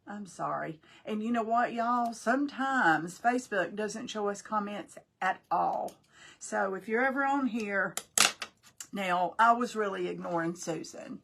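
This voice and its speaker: A woman's voice: medium pitch, unhurried, vocal fry, a bit bright. An older woman, chatting folksily with viewers on a crafting live stream as host. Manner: chatty, folksy, talks to viewers while working.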